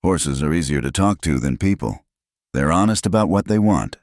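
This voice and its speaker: A man voicing a terse, scarred drifter who speaks slowly and dryly, in a storybook reading. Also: a bass voice, animated, darkish tone, no room sound. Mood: wry. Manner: terse, dry, slow.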